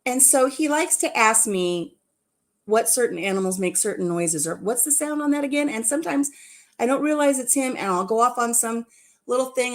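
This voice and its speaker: A woman hosting a casual livestream chat, giggling often and repeating herself as she talks. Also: on the high side. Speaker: livestream host.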